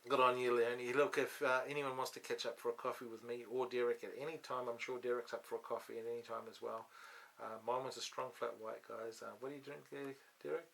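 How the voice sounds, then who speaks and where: A man's voice: mid-range voice, little pitch movement, quick pace, gravelly, a bit bright. A man hosting a casual studio chat, rambling with many restarts and ums, on a studio microphone. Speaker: host. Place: podcast studio.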